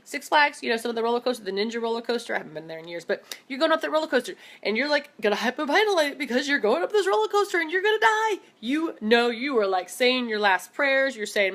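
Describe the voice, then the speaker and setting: A woman in her thirties giving an animated, casual motivational talk to camera, often calling her viewers "guys". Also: on the high side, fast talker. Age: 30s. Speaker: motivational vlogger.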